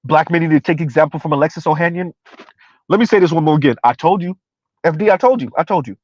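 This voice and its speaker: A man under forty speaks fast in a slightly high voice with a darkish tone, giving casual live-stream commentary that's emphatic and repetitive, with plenty of ranting and laughter. The recording sounds dry, lo-fi, and slightly dull.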